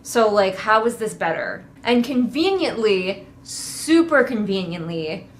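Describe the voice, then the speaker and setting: Sarcastic lady ranting about a book she hates, swears a lot, mid pitch. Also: sing-song, unhurried, a little hiss or hum. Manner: sarcastic, swears freely, mocks characters in voices. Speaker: book reviewer. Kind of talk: casual book critique.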